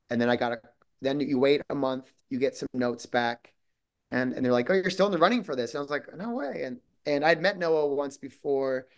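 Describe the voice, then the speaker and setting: A man from Minnesota, a guest actor talking casually in an interview, rambling with many restarts and quoted asides. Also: mid-range voice.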